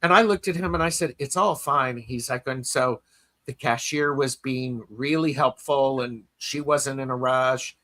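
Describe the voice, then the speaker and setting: A man's voice: mid-range voice, unhurried, fairly bright tone. A man hosting a podcast in casual chat, telling stories in a rambling way with many fillers and restarts. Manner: reads listener comments aloud. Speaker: podcast host.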